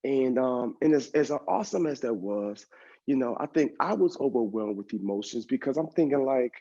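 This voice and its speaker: A man giving a motivational keynote, telling an animated personal story and talking straight to the audience in a conversational way. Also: medium pitch, moderate pace. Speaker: motivational speaker. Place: event stage. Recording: dull lo-fi recording.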